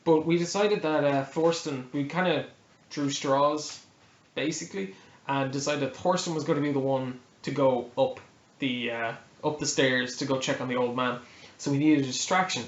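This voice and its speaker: A young man casually retelling a tabletop game story, relaxed and laughing, correcting himself as he goes. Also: mid-range voice, moderate pace. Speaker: player telling a game story. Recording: echoey room, dull lo-fi audio.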